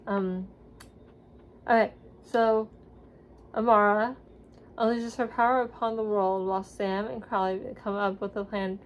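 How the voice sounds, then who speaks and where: A young woman talking casually to her camera at home, wandering from point to point with plenty of fillers. Her voice sits at a middle pitch for a woman. A faint background hum lies under the talk. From grew up in the US South after moving from Seattle at five. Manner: chatty, rambling, many ums and likes. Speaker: vlogger reviewing a TV series. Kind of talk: casual rambling vlog talk. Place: at home with her dog nearby.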